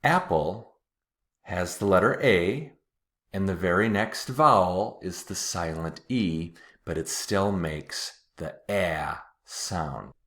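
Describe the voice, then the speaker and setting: A man teaching English pronunciation, patiently repeating words slowly and clearly. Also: low voice, fairly bright tone. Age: adult, watched TV as a kid in the 80s-90s. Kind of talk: slow, deliberate pronunciation lesson.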